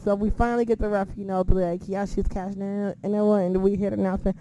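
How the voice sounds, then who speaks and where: A woman with a mellow, warm tone talks through a casual recap. She swears often and acts out her own reactions as she goes. A faint noise sits under her voice. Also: medium pitch, little pitch movement, fast talker, hardly any pauses, rough recording. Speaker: wrestling recap host.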